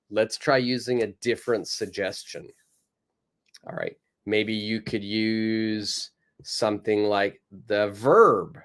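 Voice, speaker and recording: A man's voice: lowish voice, measured pace, a bit bright. A man teaching a live online English lesson with a North American accent, patiently repeating phrases and encouraging his students.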